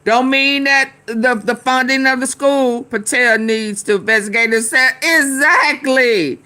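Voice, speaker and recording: Slow heated woman reacting to a clip. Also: high-pitched, pushed and bright. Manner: heated, talks back to the screen and commenters. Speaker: commentary streamer. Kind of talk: casual reaction commentary.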